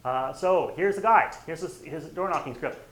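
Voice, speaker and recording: A man with a fairly high, fairly bright voice speaks at a moderate pace, and the audio is poor. He's running a real estate training session as a workshop lecture, keeping it conversational and often acting out quoted bits of dialogue.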